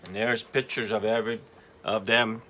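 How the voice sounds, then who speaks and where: A man's voice: fairly low pitch, level tone, normal speed, pushed and bright, a little hiss or hum. A man reading a children's storybook aloud as host, with chatty asides about the pictures.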